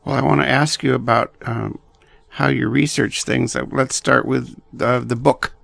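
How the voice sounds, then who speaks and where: A man hosting a podcast, asking relaxed questions in a casual interview. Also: mid-range voice, normal speed, vocal fry, dry recording. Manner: relaxed, asks questions, brief reactions. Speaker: podcast host.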